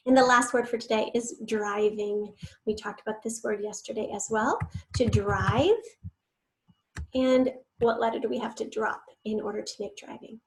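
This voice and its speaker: A woman's voice: a little high, fairly even intonation. Encouraging woman teaching spelling. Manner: patient, encouraging, sounds words out slowly. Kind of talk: online spelling lesson.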